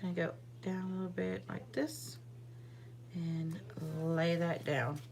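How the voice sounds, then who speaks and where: Chatty low-voiced woman crafter. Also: steady tone, slow, creaky, a little mellow, a little hiss or hum. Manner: chatty, rambling, full of fillers and asides to viewers. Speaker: card-making livestream host. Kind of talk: casual live crafting demonstration.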